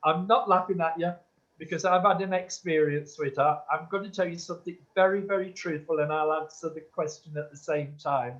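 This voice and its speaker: A man's voice: a little high, fairly even intonation, brisk, a bit bright. A man working as a medium, earnestly answering an audience member's question in a church and calling her sweetheart. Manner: earnest and insistent, calls listeners sweetheart. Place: church hall. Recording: dull lo-fi recording.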